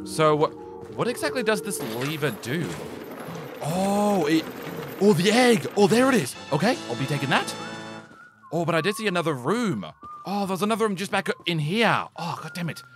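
A man giving excitable, jokey let's play commentary, taunting enemies as he plays, recorded on a desk mic with game music behind him. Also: sits high, normal speed. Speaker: gaming YouTuber.

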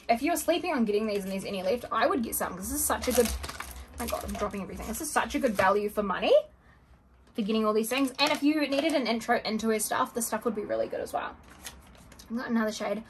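A young woman vlogging a makeup unboxing at home, her voice sitting a little high. She talks casually and excitably, gasping at colors and sometimes slipping into a soft whisper. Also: slight background noise. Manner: gushing, excitable, frequent gasps and soft whispers. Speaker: beauty vlogger.

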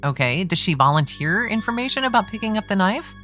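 A woman's voice: mid-range voice, sing-song, fairly quick, fairly bright tone, soft background music, pitched above the performer's own voice. A woman reading a trial transcript aloud, voicing a persistent male defense attorney who presses a witness with leading questions. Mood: pressing. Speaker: true crime podcast host.

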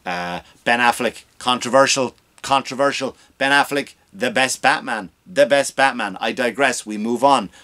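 A man's voice: medium pitch, normal speed, few pauses. Ranting male comedy podcast host. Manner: animated, swears freely, acts out quoted voices. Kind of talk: comedic rant.

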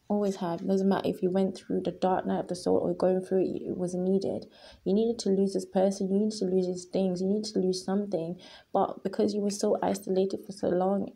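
A woman's voice: mid-range voice, creaky, dark tone, breathy edge. A woman giving a tarot reading to her viewers, talking in an earnest, emotional way and repeating her points with emphasis. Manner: emphatic and repetitive, often addressing viewers as guys. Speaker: tarot reader.

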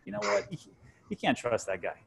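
Fast-talking animated man in his forties. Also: fairly low pitch, background noise. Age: 40s. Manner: animated storyteller, acts out quotes. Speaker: guest co-host, crypto channel host. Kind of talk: casual panel chat.

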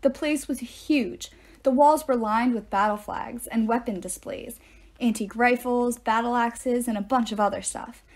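A woman reading a novel aloud in an expressive way, with deadpan asides. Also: fairly high pitch, moderate pace. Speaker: narrator. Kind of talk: audiobook-style reading aloud.

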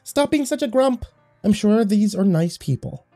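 A man voicing a playful, teasing young wife in a horror story reading, lifting his voice higher and softer. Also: expressive, moderate pace, soft background music.

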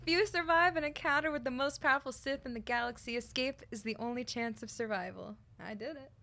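A young woman streaming a video game, reacting excitedly, swearing and shrieking in surprise. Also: high voice, fairly quick, creaky. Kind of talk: live gameplay reactions. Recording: game music loud behind her.

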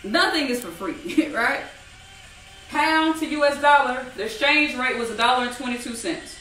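A woman teaching a live online trading class, animated and repetitive, asking the audience many rhetorical questions. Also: sits high, moderate pace, echoey room, far from the mic, soft background music, rough recording. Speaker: trading instructor.

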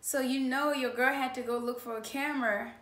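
Excited high-voiced young woman in echoey room. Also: a little fast. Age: 20s. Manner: gushing, exclaims often, laughs between remarks. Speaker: YouTuber. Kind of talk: excited unboxing vlog. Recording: echoey room with faint noise.

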